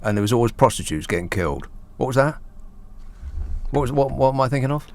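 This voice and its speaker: A man hosting a talk radio show, bantering in a sarcastic, deadpan way. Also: medium pitch, fast talker. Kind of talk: solo talk radio chat.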